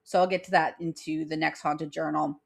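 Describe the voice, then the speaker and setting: A woman's voice: sits low, level tone, fairly quick, vocal fry. A young woman hosting a casual podcast, rambling with lots of fillers and giggles. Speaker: podcast host.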